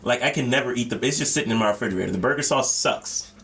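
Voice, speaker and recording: A young man with a mid-range voice chats easily on a podcast. He jokes, swears, and keeps a relaxed tone. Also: mid-range voice, rapid-fire, gravelly. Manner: laid-back, joking, swears. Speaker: podcast co-host. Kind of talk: casual chat.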